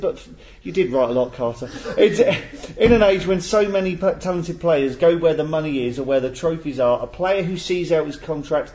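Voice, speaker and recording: A man's voice: fairly high pitch, darkish tone. Jokey man hosting a panel. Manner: jokey, stumbles and laughs while reading. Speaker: podcast host. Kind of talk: casual chat, reading out listener email.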